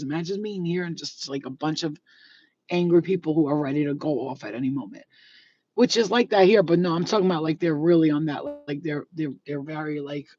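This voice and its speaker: A warm, low-sitting female voice belongs to a spiritual vlogger telling a story from inside her car on a casual live stream. Her manner is chatty and profane with many fillers, and the phone audio sounds distant, dull, and lo-fi.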